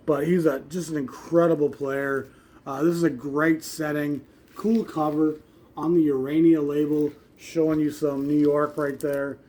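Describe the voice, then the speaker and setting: A man's voice: a little high, a little mellow, a little hiss or hum. Enthusiastic man rambling about jazz records. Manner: enthusiastic, rambling with fillers and restarts. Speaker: jazz record collector host. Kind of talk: casual record show-and-tell.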